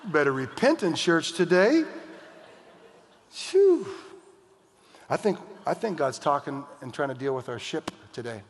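Middle-aged American male pastor, fairly high voice, humorous sermon delivery, hall reverb. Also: expressive, normal speed, few pauses. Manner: preaching with jokes and mock outbursts. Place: church hall.

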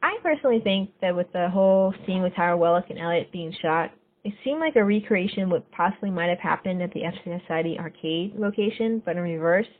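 A woman hosting a podcast, casually recapping a TV episode scene by scene and getting lively when she quotes the characters. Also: fairly low pitch, fast. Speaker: podcast host. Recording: phone-like narrow sound.

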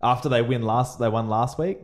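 An Australian man co-hosting a casual sports podcast, making confident, relaxed tips. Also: mid-range voice, a little fast. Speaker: podcast co-host. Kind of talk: casual footy podcast chat.

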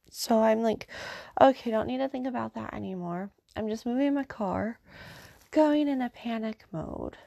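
A woman's voice: fairly high pitch, creaky, darkish tone, no room sound, clean studio sound. A woman in her thirties hosting a podcast, telling a story in a casual, rambling way and talking through her thoughts. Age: 30s. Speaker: podcast host.

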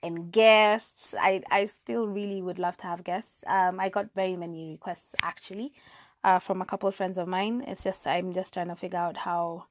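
A woman's voice: on the low side, steady tone, moderate pace. A young woman hosting a casual solo podcast from her bedroom, chatty and self-deprecating, with lots of fillers and restarts, on a lapel mic. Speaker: podcast host. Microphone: lapel mic clipped to her hair.

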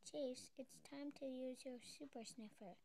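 A woman voicing a calm, confident boy who leads a rescue team in a storybook, sounding steady and encouraging. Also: high-pitched, measured pace, vocal fry, slight background noise.

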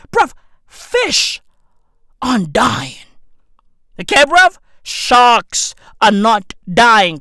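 A woman doing a profane, boastful comedic podcast rant at home, full of slang and loud outbursts. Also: a little high, no room sound, clean studio sound. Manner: boastful, slangy, shouty and laughing, calls listeners bruv. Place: at home, neighbor's dog nearby.

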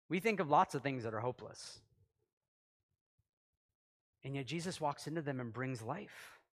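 Conversational pastor in an echoing hall. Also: male voice, a little high. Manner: conversational, acts out quotes, swings loud and soft. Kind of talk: sermon. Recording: long hall reverb.

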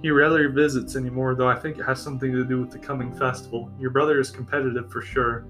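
A mischievous, balding shopkeeper with a large frame, as a man reads him aloud. His voice is gruff and amused, sitting at an ordinary middle pitch, with soft guitar music behind. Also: little pitch movement, fast talker, natural voice. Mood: sly, amused. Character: burly balding male shopkeeper, sly and mischievous.

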